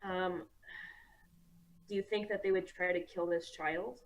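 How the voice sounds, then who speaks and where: A woman's voice: fairly low pitch, steady tone, measured pace, highs cut off. A woman playing a tabletop game, casual and playful. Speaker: player.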